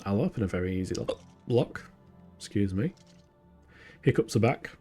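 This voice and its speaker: A fairly low, warm voice, animated and brisk, comes from a northern English man in the UK who streams a game with casual commentary. He's chatty, makes fun of himself and laughs a lot, and soft music plays in the background.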